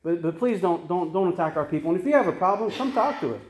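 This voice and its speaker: A man's voice: high-pitched, expressive, fast, roomy sound. A man preaching a sermon as pastor, earnest and conversational, with frequent restarts and tag questions.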